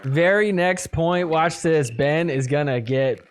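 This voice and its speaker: Excitable man recapping pickleball replays. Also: fairly high pitch, slow pace. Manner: excitable, casual, talks over replays. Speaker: podcast host recapping matches. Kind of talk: play-by-play video recap commentary.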